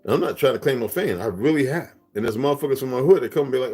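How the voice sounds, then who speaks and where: A man's voice: medium pitch, expressive, very fast, few pauses, a little mellow, slightly rough, soft background music. A man hosting a casual livestream, rambling and profane, laughing often as he talks. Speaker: livestream host.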